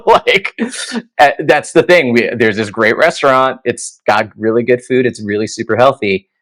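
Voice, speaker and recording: A man's voice: medium pitch, moderate pace, rough recording. A man in his thirties, a guest musician telling stories casually, full of fillers like "you know" and "like". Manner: animated anecdotes, many fillers like "you know" and "like". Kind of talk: casual interview storytelling.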